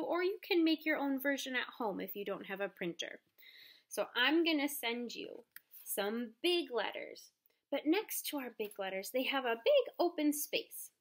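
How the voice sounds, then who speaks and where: Woman, preschool teacher, reading aloud to little kids, sing-song and encouraging, unhurried delivery, fairly high voice. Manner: gentle, encouraging, sing-song way of talking to small children. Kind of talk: storybook reading and lesson for young children.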